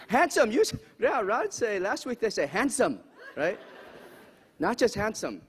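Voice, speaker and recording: A man's voice: sits high, big pitch swings, a little slow, some chatter behind. A man putting on a mock Japanese-accented comic lecturer. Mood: teasing. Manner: broken grammar, teasing the audience. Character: comic broken-English male lecturer persona, cheeky. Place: lecture hall with audience. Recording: echoey hall, faint background noise.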